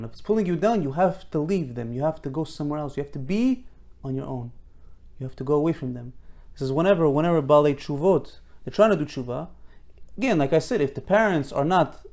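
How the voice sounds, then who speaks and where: Animated preacher acting out small dialogues. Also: male voice, on the high side. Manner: animated, repetitive, acts out little dialogues. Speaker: rabbi giving a Torah talk. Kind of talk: informal sermon.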